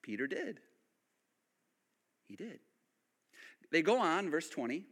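A man preaching a sermon, animated, then dropping to hushed emphasis. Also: fairly high pitch, slow, husky. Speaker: pastor.

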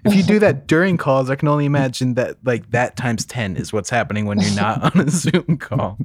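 A man with a mid-range voice co-hosts a podcast in a relaxed, teasing way. His voice sounds close and dry, with no room around it. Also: mid-range voice, fairly quick, dry recording. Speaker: podcast co-host. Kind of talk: casual podcast chat.

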